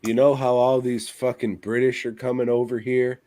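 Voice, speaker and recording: A man's voice: medium pitch, flat delivery, normal speed, dark tone, dry recording. A man co-hosting a podcast, ranting crudely and swearing constantly in casual chat. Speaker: podcast co-host.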